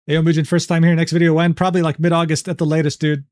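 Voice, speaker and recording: With little pitch movement, a man with a higher, darkish voice reads drama documents quickly on a casual livestream. He voices messages and screenshots, adding profane, exasperated, sarcastic remarks, in a studio-quality recording with no echo.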